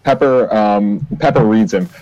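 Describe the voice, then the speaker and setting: A man's voice: on the low side, unhurried, mellow, no room sound, highs cut off. A man player in a tabletop game over an online call, talking in a casual, rambling way.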